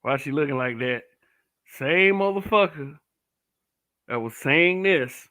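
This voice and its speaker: A man's voice: fairly high pitch, expressive, takes it slowly, long pauses, pushed and bright. A man giving blunt, profane commentary, often restarting and stammering over his words. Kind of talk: casual commentary to camera.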